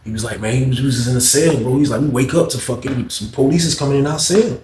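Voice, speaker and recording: A man telling a story casually to the camera in slangy talk, loudly acting out the other people's lines. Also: medium pitch, fast, roomy sound, slight background noise. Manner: animated, acts out quotes loudly, slangy. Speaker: vlog storyteller.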